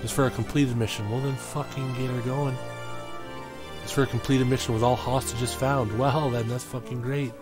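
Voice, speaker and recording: A man streaming a game, cursing, shouting at enemies and grumbling about the game as he plays. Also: medium pitch, steady tone, moderate pace. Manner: profane, frustrated outbursts and yelling at the game. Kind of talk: live gameplay commentary. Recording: game music behind voice.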